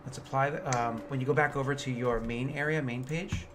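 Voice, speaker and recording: A man running a tabletop game as game master, explaining rules and then narrating combat with excited energy. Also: mid-range voice, a little fast, noisy background.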